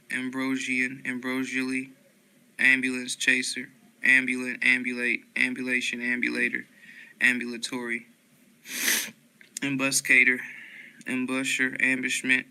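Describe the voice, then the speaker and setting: Man reading words in a flat monotone. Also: mid-range voice, clean tone, poor audio. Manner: flat, steady word-by-word reading with small slips. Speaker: reader of dictionary words. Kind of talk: reading a word list aloud.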